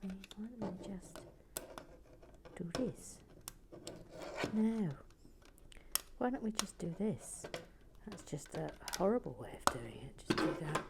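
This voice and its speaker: A woman hosting a relaxed brick-building video, soft-spoken and playful with dry asides that drift into whispers. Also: mid-range voice, a little slow, gravelly, long pauses, heavy background noise. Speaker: host building toy brick sets.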